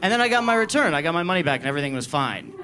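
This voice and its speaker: A man from the United States performing a self-deprecating, deadpan stand-up set on a club stage. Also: fairly high pitch, rapid-fire. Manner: deadpan, self-deprecating, acts out others in quoted asides. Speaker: stand-up comedian. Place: comedy club stage before a laughing crowd. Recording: live club recording with audience noise.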